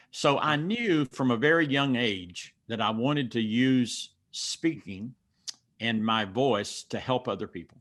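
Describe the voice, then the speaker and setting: A man's voice: medium pitch, fairly bright tone. A man from the mountains of North Carolina with a Southern accent, coaching speakers step by step and telling personal stories in a folksy, emphatic way. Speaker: speaker coach answering questions. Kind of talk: teaching Q&A and personal storytelling.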